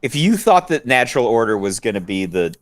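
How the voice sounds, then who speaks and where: A middle-aged man chatting on a podcast, his pitch swinging widely as he acts out quotes. The sound is close and dry, with no room around it. He comes across as an animated storyteller. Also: a little fast, dry recording. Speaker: podcast co-host. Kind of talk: casual chat.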